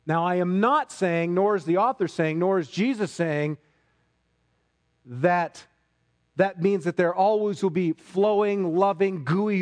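A man delivering a sermon with an emphatic, swinging delivery. His voice sits a little high for a man. He moves from quiet, low passages up to loud, forceful ones. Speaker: pastor.

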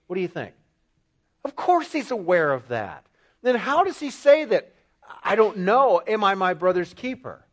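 A man preaching an expository sermon, asking the congregation rhetorical questions and repeating phrases for emphasis. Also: a little high.

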